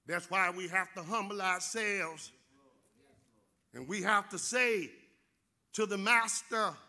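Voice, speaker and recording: A man with a Southern American accent preaching a sermon in church, building to shouts on key phrases. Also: high voice, slow. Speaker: pastor.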